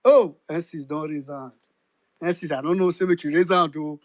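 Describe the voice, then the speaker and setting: A man's voice: fairly high pitch, steady tone, moderate pace, no echo. A Nigerian man with a Nigerian accent hosting and moderating a political audio chat, giving directions and slipping into pidgin. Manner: directive, code-switching into pidgin. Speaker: host of an audio chat room.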